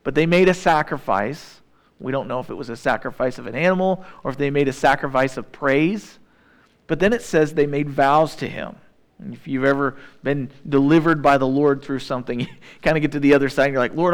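Male pastor, sermon delivery, slightly higher-pitched voice, relaxed conversational storytelling with questions to the congregation.

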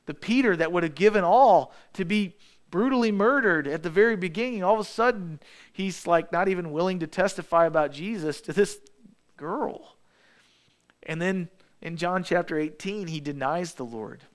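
Casual man preaching in a slightly high voice. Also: moderate pace. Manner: casual storytelling preaching with restarts. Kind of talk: sermon.

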